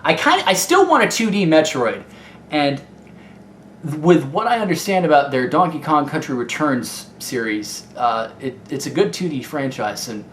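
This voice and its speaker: A man's voice: fairly high pitch, very animated, moderate pace, a bit bright. A young man from Ohio with a Midwestern American accent, a gaming YouTuber answering viewer questions in a rambling, candid way with lots of fillers. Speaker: YouTube gaming video maker. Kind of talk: casual Q&A vlog. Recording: echoey room with faint noise.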